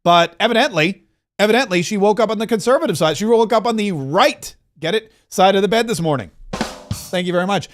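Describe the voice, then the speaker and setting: A male podcast host with a notably high voice riffs on politics with sarcasm and mocking asides. He talks loosely, often restarting his sentences. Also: animated, fairly quick, faint music behind. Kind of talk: opinionated political commentary.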